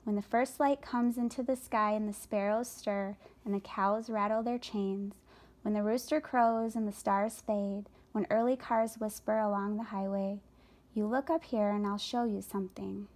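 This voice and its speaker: Soft low-voiced lady spider, gentle and worn out, a woman reading her. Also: steady tone, moderate pace, lightly acted. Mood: quiet, tender. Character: gentle wise female spider, tired.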